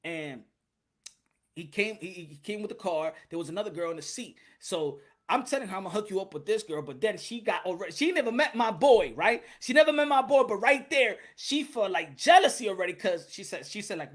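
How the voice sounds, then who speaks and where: A man's voice: high voice, a little fast. A man, giving a casual, swearing, laughing monologue as a boxing commentator. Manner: loud, animated, laughs often, swears.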